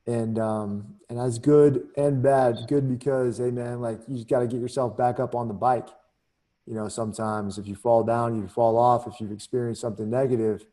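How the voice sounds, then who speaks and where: A man's voice: mid-range voice, fairly even intonation, normal speed, warm tone. A middle-aged man, a former Army captain, telling a candid story in a casual interview, full of "you know" and "man.".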